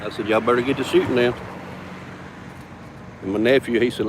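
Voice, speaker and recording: A man with a drawl tells a rowdy bar story in loose, profane, casual talk, chuckling as he goes. His voice sits at an ordinary middle pitch. Steady traffic and outdoor noise run behind him. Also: measured pace, creaky, pauses often. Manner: drawling, profane, laughs between lines. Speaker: vlogger telling a story.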